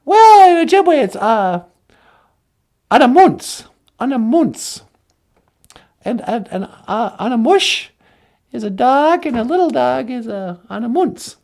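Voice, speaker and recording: A woman's voice: a little high, very animated, takes it slowly, pauses often, heavily acted. A performer voicing a cheerful, giggly young woman who teaches Ojibwe words. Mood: amused. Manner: bright, giggly, eager.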